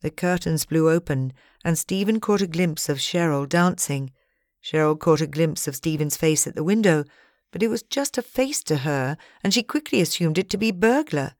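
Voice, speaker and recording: A woman narrates an audiobook in a measured, even storytelling voice. Her voice sits low, and the recording is dry and close with no room echo. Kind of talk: scripted narration.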